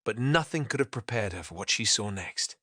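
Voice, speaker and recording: A man narrating a fan fiction story with an expressive, lively reading. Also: lowish voice, brisk, dry recording, studio quality.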